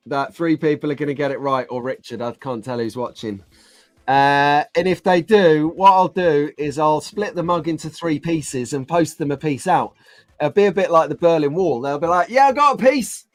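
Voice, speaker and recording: A man's voice: fairly high pitch, normal speed, dry recording, soft background music. A man hosting a casual live stream, reading out viewer comments and joking along with the chat. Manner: chatty, jokey, reads out viewer comments.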